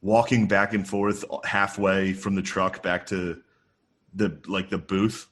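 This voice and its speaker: A man's voice: deep voice, little pitch movement, takes it slowly, a bit bright, husky. A man in his thirties co-hosting a comedy podcast, telling loose, profane stories and laughing as he goes. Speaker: podcast co-host. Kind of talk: casual comedic chat.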